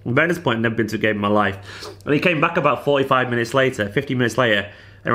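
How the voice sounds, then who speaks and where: Fast-talking Mancunian man. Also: medium pitch. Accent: Manchester. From Manchester, England. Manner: chatty, animated, banters with viewers. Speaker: football fan vlogger. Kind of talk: casual Q&A vlog.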